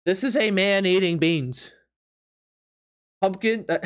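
A man's voice: high-pitched, lively intonation, a little slow, long pauses. Laughing, incredulous male streamer. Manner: laughs often, incredulous, teasing chat. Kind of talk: casual live-stream commentary. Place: apartment.

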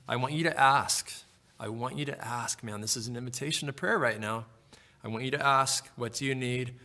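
A middle-aged male pastor telling the story of a dream in a sermon, acting out the dialogue with lively shifts in voice. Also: medium pitch, moderate pace. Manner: animated storyteller, acts out dialogue.

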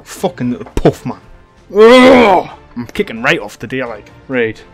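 A young man commentating his own gameplay in casual chat, excitable and swearing a lot, shouting taunts at other players. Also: mid-range voice, measured pace, gravelly, faint music behind. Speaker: gaming channel host.

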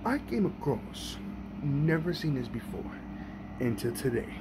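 A man reacts to a video in a casual way, repeating his lines and tripping over his words. He talks slowly, but his pitch swoops up and down. There is a steady hum of noise behind him. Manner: animated, repeats himself, stumbles over words. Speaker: vlogger.

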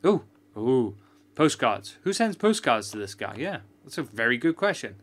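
A man's voice: medium pitch, sing-song, moderate pace. A man giving chatty, joking, sarcastic commentary while playing a video game. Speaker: gamer. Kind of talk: let's-play commentary.

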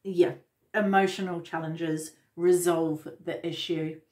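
A woman giving a casual tarot reading, gentle and reflective, with many fillers and restarts. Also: on the low side, fairly even intonation, slow. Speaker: tarot reader.

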